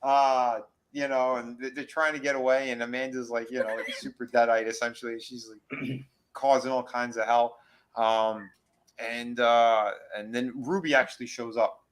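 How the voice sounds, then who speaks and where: Male podcast co-host, mid-pitched voice, rambling horror recap, loose and chatty. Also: little pitch movement, normal speed, poor audio. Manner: rambling, filler-heavy, acts out lines from the show. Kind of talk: casual recap of a horror series.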